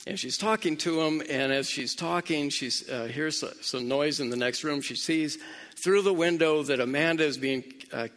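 A man's voice: a little high, normal speed, fairly bright tone. A man casually retelling a film's plot, chatting straight to his listeners. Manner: conversational, speaks straight to listeners.

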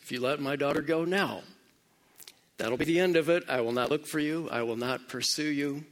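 A man acting out a calm, menacing middle-aged father as he threatens a kidnapper, speaking low, quiet and measured. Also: close to an everyday voice. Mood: cold threat.

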